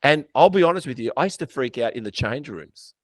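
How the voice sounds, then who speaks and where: Blunt, swearing podcast host. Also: male voice, mid-range voice, a little fast, no echo. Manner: blunt and swearing, animated storytelling. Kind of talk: casual chat.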